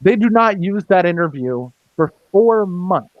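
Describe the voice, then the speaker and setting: A man's voice: sits high, expressive, unhurried, no echo, dull audio. A man on a casual roundtable podcast, talking in a heated, profane, rambling way with many restarts. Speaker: podcast host.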